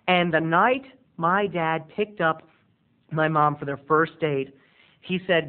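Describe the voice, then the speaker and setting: A man, a video blogger, telling a comic family story straight to the camera in a rambling, excitable, camp manner. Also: on the high side, slow. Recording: lo-fi, phone-like webcam audio.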